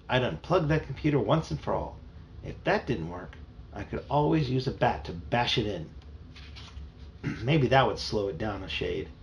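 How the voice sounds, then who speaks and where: A man reads a children's novel aloud in a plain, storytelling way, his voice gravelly with a creaky edge. The recording sounds dull and muffled, with a faint hiss underneath. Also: mid-range voice. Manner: plain storytelling with small slips. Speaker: reader.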